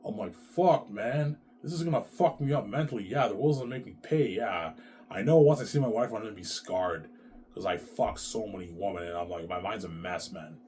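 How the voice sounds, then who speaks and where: A young man rambles through a profane monologue on his own show, peppering it with "man" and acting out quick quoted lines. His voice sits on the low side, with a faint hiss of noise behind it. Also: a little mellow. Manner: quotes others in brief put-on voices. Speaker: show host.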